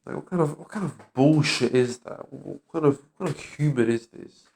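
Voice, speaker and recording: A man's voice: a little high, a little fast, creaky, darkish tone. A man talking bitterly in an agitated, profane vlog rant. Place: London street.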